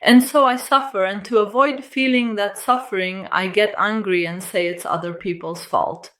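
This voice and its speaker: A woman's voice: mid-range voice, steady tone, moderate pace, fairly bright tone. A woman love coach giving direct advice to the camera, blunt and lecturing, full of rhetorical questions.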